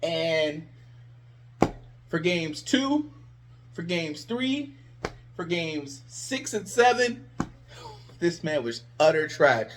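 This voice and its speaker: Male sports vlogger, slightly high voice; sarcastic, exasperated ranting fan commentary. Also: sing-song, slow pace, long pauses.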